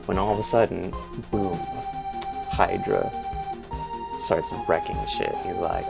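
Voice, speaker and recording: A man's voice: low-pitched, measured pace, gravelly, loud music behind the voice. A man co-hosting a podcast, telling an improvised story in a rambling, loose, profane way. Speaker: podcast co-host.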